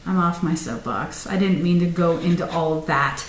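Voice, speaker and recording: A woman's voice: on the low side, normal speed, few pauses. A woman giving a casual, rambling pep talk on a phone livestream, drifting off on tangents. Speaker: running and fitness motivator. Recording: roomy sound from far off the mic.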